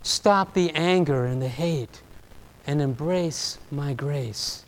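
A man voicing God, calmly and gently questioning an angry prophet within a sermon. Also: sits high, unhurried, clean tone. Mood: gentle. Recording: long reverb of a large hall.

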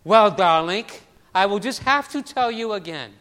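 A doting, insistent elderly woman with a thick accent, as a preacher puts her on, pitched high and pressing every word. Her voice is smooth and clear and rings out with a long hall echo. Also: expressive, moderate pace. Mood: coaxing, emphatic. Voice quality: strong accent, repeats "darling". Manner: emphatic, high and loud.

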